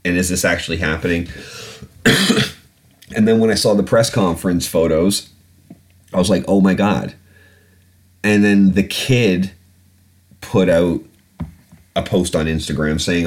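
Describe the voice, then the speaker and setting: A man's voice: fairly low pitch, measured pace, pauses often. A man hosting a podcast, ranting bluntly and swearing often, with plenty of ums and restarts. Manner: blunt, sweary, animated ranting with frequent fillers. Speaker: podcast host. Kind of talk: casual solo podcast rant.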